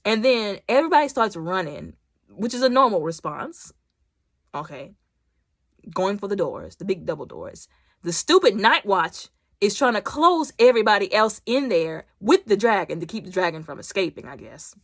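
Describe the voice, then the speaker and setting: A woman chatting casually through a TV episode recap, animated and talkative, acting out bits of the scenes. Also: mid-range voice, moderate pace, no room sound, clean studio sound. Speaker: YouTube TV reviewer.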